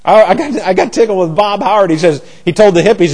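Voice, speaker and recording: A pastor delivers an expository Bible sermon at a fast clip, emphatic and full of rhetorical questions and repeated words. His pitch jumps animatedly for emphasis, and the recording is rough.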